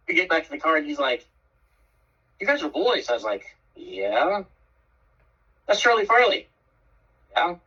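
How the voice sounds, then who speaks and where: Cussing guy telling stories, bright raspy voice, kinda far from the mic and muffled. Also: fairly high pitch, measured pace, long pauses. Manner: blunt, profane, lively storyteller. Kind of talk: casual storytelling chat. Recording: dull, muffled sound from off the mic.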